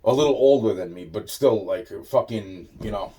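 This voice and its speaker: A man spinning a meandering story in a dark, mellow voice. He curses in nearly every line and keeps circling back on himself. His sentences often drift off unfinished. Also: lowish voice, moderate pace. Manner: meandering, heavy swearing, trailing off into repeated fillers. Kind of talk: rambling personal storytelling.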